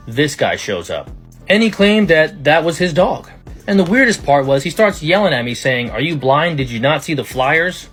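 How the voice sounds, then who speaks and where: A man telling a personal story in a casual storytime style, chatty and rapid, with quoted asides. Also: fairly high pitch.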